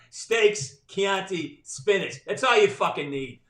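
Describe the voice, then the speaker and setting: Sitting high and a bit bright, his expressive voice takes things slowly. The middle-aged guest, a voice actor, tells blunt, profane stories in a casual podcast conversation captured with roomy echo.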